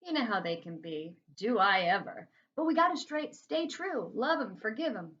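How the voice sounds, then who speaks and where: A woman's voice: fairly high pitch, very animated, normal speed. Woman voicing a meek, devoted male dog. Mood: earnest. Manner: pleading, devoted. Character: meek battered male dog, loyal and forgiving. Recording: slightly muffled lo-fi recording.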